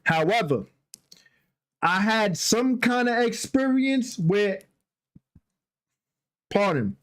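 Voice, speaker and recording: A man's voice: high voice, lively intonation, slow pace, a bit bright. A young man on a podcast telling a story in a loose, slangy way, repeating filler phrases as he goes. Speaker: podcast co-host. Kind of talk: casual storytelling.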